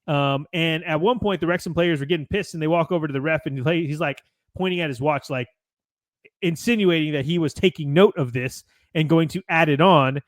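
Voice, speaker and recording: An American man hosts a podcast and runs through match results from his notes. He talks in a chatty way and often corrects himself, in a slightly high voice. The mic is close and dry. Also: fairly quick, dry recording. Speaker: podcast host. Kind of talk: reading a match recap with casual asides.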